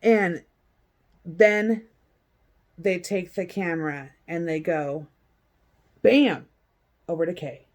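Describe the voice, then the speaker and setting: A woman's voice: on the low side, slow pace, long pauses, darkish tone. A woman vlogger giving a blunt, profane, sarcastic recap in casual chat. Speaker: vlogger recapping a court hearing.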